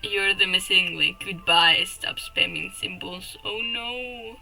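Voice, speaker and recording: A woman's voice: mid-range voice, slow pace, vocal fry, pushed and bright, soft background music, low-quality recording. A young woman streaming live, chatting with her viewers, often giggling, teasing and swearing at her chat.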